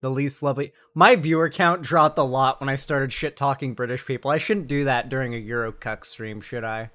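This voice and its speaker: Young male streamer, mid pitch, profane sarcastic banter, home desk mic. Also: steady tone, brisk, bright, forceful tone. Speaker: live streamer. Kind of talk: late night stream commentary.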